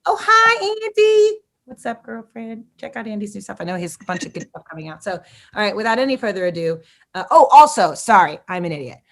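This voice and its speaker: A woman with an American accent, a comedian hosting a casual interview, chatty and excitable. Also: lowish voice, quick pace. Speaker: comedian host.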